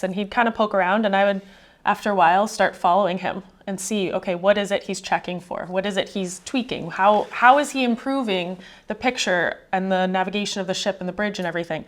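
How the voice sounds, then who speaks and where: A woman's voice: mid-range voice, brisk. A woman with a mid-range voice describes her work as a navigation officer. She speaks informally and thoughtfully, often restarting her sentences. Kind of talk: casual interview answer.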